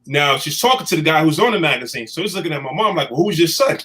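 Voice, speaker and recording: Man, bright tone, slightly high voice, animated storyteller, casual chat. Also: quick pace. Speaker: guest.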